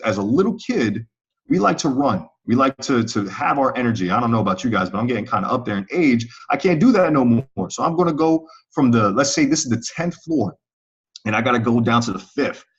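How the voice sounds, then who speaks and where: A man's voice: mid-range voice, a bit bright. A man teaching price-action trading in a live online webinar, talking conversationally and often checking in with his viewers. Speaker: trading instructor. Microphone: online call audio. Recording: slightly muffled call audio.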